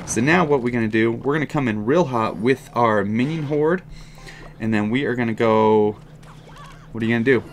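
A man giving live commentary on his own mobile game match, excitable, moving from calm explanation to loud frustrated outbursts. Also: medium pitch, normal speed, a little hiss or hum. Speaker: gaming commentator.

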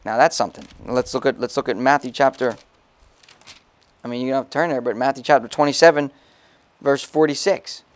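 In a church, a pastor preaches casually and conversationally, reading scripture aloud and often checking in with listeners through "okay?" asides. His medium-pitched voice is a little fast with frequent pauses, in a dry recording.

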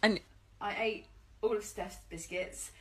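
A woman's voice: mid-range voice, steady tone, measured pace, slightly rough, poor audio. A woman in a casual joking chat, telling silly stories and teasing playfully through laughter.

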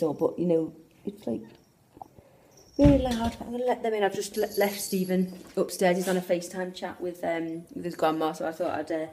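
A woman's voice: medium pitch, mellow, slight background noise. A woman, chatting casually as a family travel vlogger, rambling and correcting herself as she films on a handheld camera. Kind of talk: casual vlog chat. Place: outdoors at a beach and at home.

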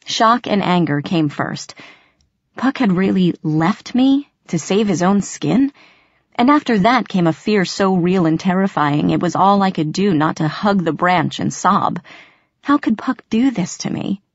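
A woman with a fairly low voice reads a first-person story aloud in a dramatic, expressive way. The sound is dry and a little muffled, like a simple home setup. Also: measured pace, no echo. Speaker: audiobook narrator. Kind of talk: first-person audiobook narration.

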